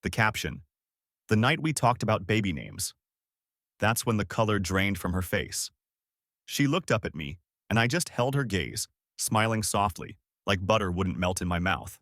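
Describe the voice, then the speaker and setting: Man reading a story out loud, low-ish voice, steady, dry close sound. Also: moderate pace, no room sound. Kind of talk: first-person story narration.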